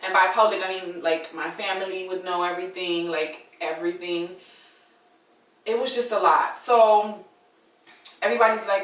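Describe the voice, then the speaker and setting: A woman's voice: on the low side, fairly even intonation, normal speed, reverberant, recorded from a distance, low-quality recording. A young adult woman telling a story in a casual, dramatic way and talking straight to her viewers. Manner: chatty, dramatic, addresses viewers as y'all.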